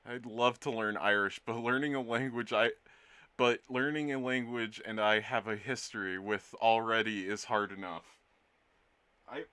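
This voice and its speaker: Slow, bright-voiced man chatting on stream. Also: lowish voice. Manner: playful, rambling, jokes with chat. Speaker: art streamer. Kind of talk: casual live-stream chat.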